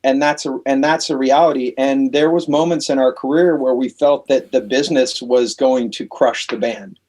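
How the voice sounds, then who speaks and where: A man guesting on a casual podcast interview, telling animated stories in a loose, profane way. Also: mid-range voice, moderate pace. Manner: animated storytelling, swears freely, acts out quoted exchanges. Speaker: guest, rock band lead singer.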